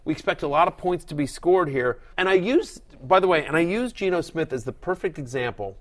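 A middle-aged man with a fairly high voice hosts a fantasy football talk show. He speaks with emphatic energy, builds his points forcefully, and slips into mock voices to act out what others would say. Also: brisk. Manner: animated, emphatic, acts out quoted voices. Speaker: fantasy football analyst host. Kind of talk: casual sports talk.

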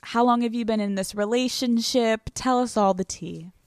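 A woman's voice: on the high side, normal speed, darkish tone, clear, resonant tone, no room sound, studio quality. A woman in her late twenties hosting a podcast, bubbly and chatty, swearing freely in casual chat with a friend. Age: late 20s. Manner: bubbly, swearing, frequent laughing. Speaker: podcast host.

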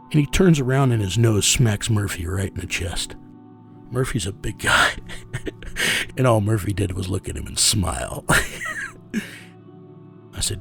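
A man tells a story in a blunt, profane way and keeps quoting himself. His voice is gravelly and sits at an ordinary pitch. Faint music plays behind him. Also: normal speed. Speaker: guest telling a story. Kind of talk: casual storytelling.

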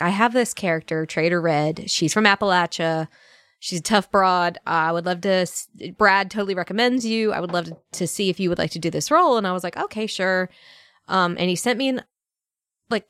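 A woman's voice: lowish voice, a bit bright, clear, resonant tone, no room sound. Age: adult. Sex: woman. Style: chatty podcast storytelling, acting out quoted lines. Mic: dry close recording. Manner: chatty storyteller who acts out quoted dialogue; frequent laughs and fillers. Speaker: voice actor guest. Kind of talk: casual podcast chat.

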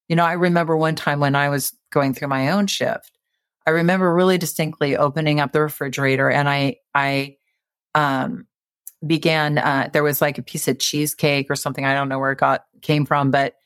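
A woman's voice: low voice, fairly even intonation, moderate pace, dry recording, clean studio sound. A woman guest on an interview show, talking in an earnest, encouraging and self-reflective way about changing habits. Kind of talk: conversational interview explanation.

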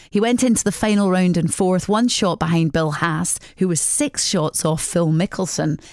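A woman narrating a sports documentary in a measured, scripted storytelling voice. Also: lowish voice, darkish tone.

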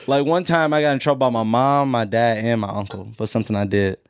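A man's voice: medium pitch, quick pace, clear, resonant tone, no echo, clean studio sound. Slangy young man telling stories. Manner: animated storyteller, slangy, joking. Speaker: podcast co-host. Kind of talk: casual podcast chat.

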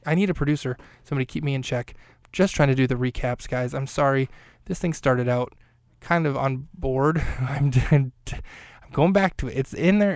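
A man's voice: fairly high pitch, darkish tone, no echo, clean studio sound. A man hosting his own podcast, recapping an episode on his own in a casual, rambling way with self-deprecating jokes and asides. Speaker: podcast host.

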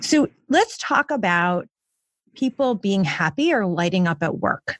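A woman hosting a podcast interview as a coach, speaking in a reflective, affirming way with drawn-out phrasing. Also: mid-range voice, sing-song, fairly bright tone, dry recording, clean studio sound. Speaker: host and life coach.

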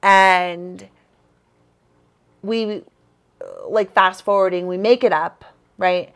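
A woman's voice: medium pitch, fairly even intonation, drawn-out words. Emotional woman telling a story casually. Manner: emotional, breaks into laughter and tears while retelling. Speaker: podcast co-host.

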